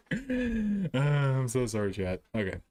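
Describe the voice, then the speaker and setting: Unhurried, jokey male streamer. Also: medium pitch, huge pitch swings, darkish tone, a little hiss or hum. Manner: jokey, self-mocking, laughs often. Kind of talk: casual live-stream chat while playing a guessing game.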